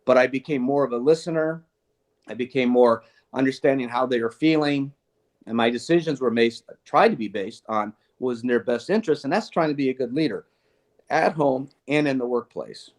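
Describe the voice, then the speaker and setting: An older man, a retired police chief, talking casually and earnestly about leadership and parenting. He tells stories with an animated delivery, laughs often and restarts his sentences. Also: mid-range voice, a little fast. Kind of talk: casual conversational storytelling.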